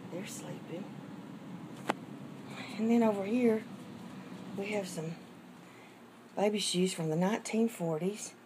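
Gentle woman giving a nursery tour. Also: medium pitch, noisy background. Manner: gentle, fond, unhurried showing. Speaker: doll collector giving a home tour. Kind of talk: casual home-tour vlog. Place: small home nursery indoors.

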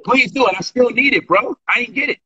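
Bright-voiced boastful man, husky, lo-fi call. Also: very high-pitched, fast. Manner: boastful, animated, profane. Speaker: debater discussing a past debate. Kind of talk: heated casual chat on a call. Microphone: remote call mic.

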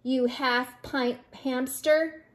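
A woman's voice: high voice, fairly even intonation, very slow. An older woman voicing a big, mean, bossy male dog in a storybook, growling and snarling. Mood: gruff. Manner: gruff, snarling.

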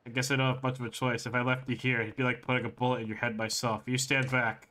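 A man's voice: mid-range voice, little pitch movement, quick pace, pushed and bright, lightly acted. A man reading aloud the lines of a blunt, weary male gangster who reluctantly protects someone in a video game.

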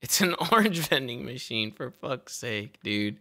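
A man streaming a video game, commentating live in an excitable, profane way and yelling at the characters. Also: medium pitch, a little slow.

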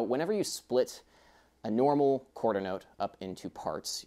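A man's voice: lowish voice, a little mellow. A young man teaching a music lesson in a casual, chatty way, with rambling asides.

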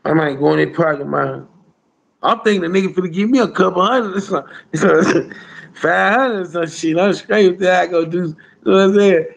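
A man's voice: high-pitched, brisk, creaky. A man telling a rambling street story in casual slang, with lots of "bro" and "you hear me" along the way. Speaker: storyteller guest.

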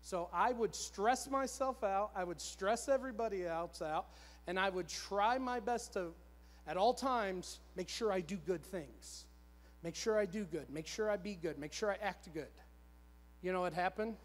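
A man's voice: sits high, moderate pace. A man in his thirties preaching a sermon in a church, telling a personal story in a conversational, repetitive, self-deprecating way. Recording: long church hall reverb.

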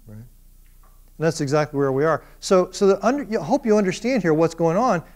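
A middle-aged male professor lectures in an animated storytelling way, slipping into the voices of the people in his stories. His voice sits a little higher than most men's. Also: fairly quick. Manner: animated storyteller, acts out quoted speech. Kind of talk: classroom lecture.

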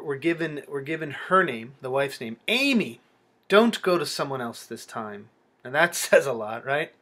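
A man delivers a close-reading lecture on a poem at an unhurried, deliberate pace. His voice sits a little high for a man. He speaks in a reflective, halting way, often pausing on fillers and restarting phrases. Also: bright, forceful tone. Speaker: literature lecturer.

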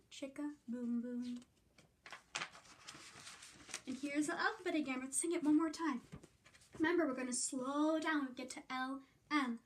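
A woman preschool teacher reading a picture book aloud to young children, slow and sing-song, coaxing them to join in. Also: high voice.

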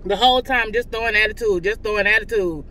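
A woman vlogger venting casually to her viewers, loud and profane, from in or near her car. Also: mid-range voice, quick pace, a little hiss or hum.

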